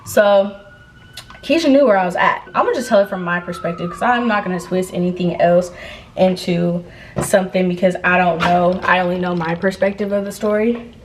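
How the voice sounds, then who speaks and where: A woman's voice: lowish voice, moderate pace, slight background noise, low-quality recording. Young woman telling a profane storytime. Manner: animated, profane slang-heavy retelling. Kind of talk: casual storytime vlog. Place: indoors, getting ready.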